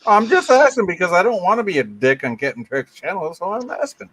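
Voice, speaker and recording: A man's voice: high-pitched, sing-song, fairly quick, a bit bright, breathy edge, dry recording. A man who is a guest on a casual livestream chat, teasing the others and swearing freely. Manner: crude, teasing, swears a lot.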